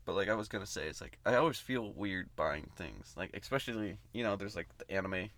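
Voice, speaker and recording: A man's voice: sits low, expressive, fairly quick, fairly bright tone, no room sound. A young man co-hosting a podcast, rambling in a giggly way and trailing off mid-thought. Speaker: podcast co-host. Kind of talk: casual joking chat.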